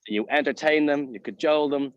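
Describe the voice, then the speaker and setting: A man's voice: a little high, fast, muffled recording, very noisy. A man in his thirties with a Dublin accent, a podcast guest telling travel stories in a chatty way, full of fillers and restarts. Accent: Dublin Irish. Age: 30s. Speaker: podcast guest, hostel co-owner. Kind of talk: casual storytelling interview.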